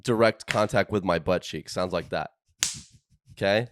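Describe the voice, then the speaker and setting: A man co-hosting a casual podcast chat, telling jokey stories in an animated way. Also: low-pitched, normal speed, smooth, no echo, clean studio sound. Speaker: podcast co-host.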